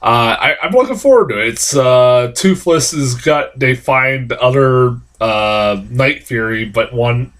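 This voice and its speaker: A man's voice: mid-range voice, a little slow, few pauses. A man with a blocked nose talks through a casual movie review, loose and rambling. He swears constantly and leans on fillers, his voice jumping up when something gets to him. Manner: rambling, profane, animated, with frequent fillers. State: stuffed-up nose from a cold. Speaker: film reviewer. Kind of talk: casual spoken film review.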